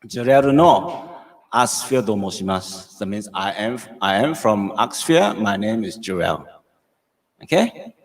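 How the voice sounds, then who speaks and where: A middle-aged man with a Singaporean English accent teaches Japanese over a live stream. His voice is fairly low with lively intonation and a measured pace, and he repeats phrases and keeps asking "okay?"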